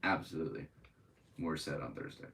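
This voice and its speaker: A man's voice: very deep voice, brisk, a bit bright, far from the mic, a little hiss or hum, low-quality recording. A man hosting a podcast, reading news aloud and breaking into profane, angry commentary. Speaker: podcast host.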